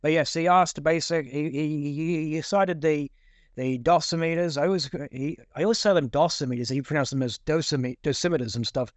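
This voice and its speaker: A man's voice: a little high, moderate pace, no room sound. Rambling man on a dry close mic. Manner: rambling, repeats words, reads out quotes. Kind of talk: casual discussion.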